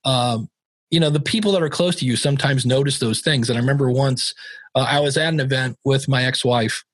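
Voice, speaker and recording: A man talking as a guest in a podcast interview. He tells his stories in an animated way and acts out what people said. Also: medium pitch, fairly quick, no echo. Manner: animated storyteller who acts out quoted dialogue. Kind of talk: conversational interview.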